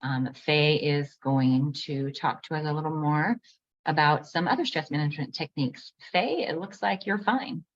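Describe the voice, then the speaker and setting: Low-voiced woman host on a video call, lots of ums, slightly dull audio. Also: moderate pace. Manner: warm thanks, frequent ums and light laughs. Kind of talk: hosting an online group session.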